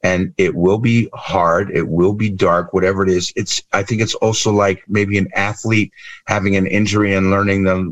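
A man's voice: low-pitched, dry recording. A man in his fifties from California, telling stories animatedly with acted-out quotes as a guest on a video call interview. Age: 50s. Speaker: guest, improv trainer and speaker. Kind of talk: emotional interview talk.

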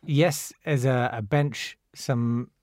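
A man's voice: mid-range voice, steady tone, takes it slowly, a little mellow, dry recording, clean studio sound. Male guest, medium voice, jokey and wry. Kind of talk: casual chat.

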